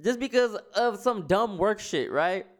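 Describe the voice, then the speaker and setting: A man's voice: high-pitched, animated, unhurried. A man hosting a solo podcast, talking in a rambling, profane, slang-heavy way while stoned. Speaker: podcast host. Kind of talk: casual solo podcast monologue.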